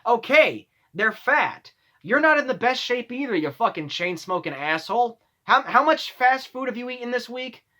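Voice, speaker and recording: A man's voice: very high-pitched, very animated, normal speed, bright, forceful tone. A young man vlogging, telling workplace stories in a casual, exasperated rant full of swearing. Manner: profane, exasperated ranting.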